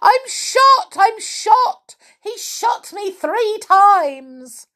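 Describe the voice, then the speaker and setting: A woman's voice: lively intonation, very slow, bright, forceful tone, full character voice. A woman voicing a naughty big girl doll who shrieks and wails melodramatically. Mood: shrieking. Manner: shrill, wailing, melodramatic.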